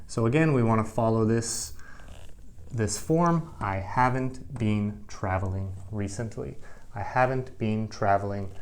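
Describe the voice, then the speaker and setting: A man's voice: lowish voice, a little slow. A middle-aged man teaching English grammar to camera, explaining patiently and repeating key phrases.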